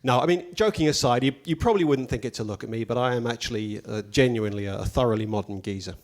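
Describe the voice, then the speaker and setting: A man doing a stand-up comedy routine, telling stories in a deadpan, mock-pompous way with dry asides. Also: mid-range voice, fast talker.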